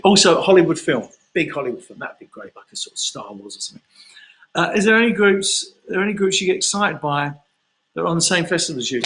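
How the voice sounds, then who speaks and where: A man's voice: a little high, a bit bright, low-quality recording. A man from London, a singer chatting casually through fan questions on a livestream and telling rambling stories.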